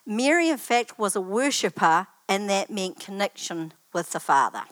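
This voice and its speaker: An older woman gives a personal testimony in a church setting. Her voice sits at a middling pitch, and she talks in a chatty, anecdotal way, wandering into asides as she tells her stories. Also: lively intonation, normal speed, fairly bright tone, dry recording. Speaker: church student giving a testimony.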